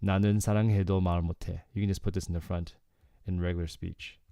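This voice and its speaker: Male Korean tutor, deep and warm, laid-back explainer who keeps saying "okay". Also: rapid-fire, smooth, no room sound, clean studio sound. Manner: relaxed, explanatory, frequent "okay" and "like". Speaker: Korean language teacher. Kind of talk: casual lyrics breakdown lesson.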